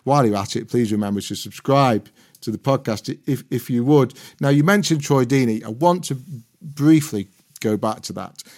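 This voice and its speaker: A man's voice: mid-range voice, normal speed, a little mellow. Man telling football stories. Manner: anecdotal, laughing storyteller. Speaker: podcast co-host. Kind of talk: casual football chat. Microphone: video call.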